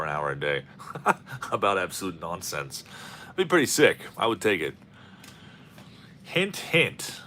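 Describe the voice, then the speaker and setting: A man hosts a card-opening video in a bright, forward voice, his pitch swinging widely as he jokes and rambles. He calls out each player's name as the packs go by, in a casual commentary style. His voice sits on the low side, with a faint ambient hum behind it. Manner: rambling and jokey, calling out player names. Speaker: host of a card-opening channel.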